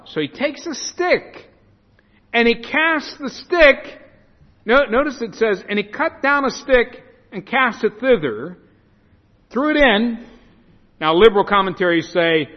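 Animated high-voiced male preacher. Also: a little slow. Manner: animated, acts out the story in voices. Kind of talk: sermon. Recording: muffled echoey hall.

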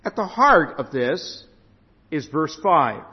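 A man's voice: a little high, sing-song, slow pace, slightly rough. A man preaching a sermon and explaining scripture, often stumbling and repeating words, recorded in a church. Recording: reverberant hall, dull lo-fi sound.

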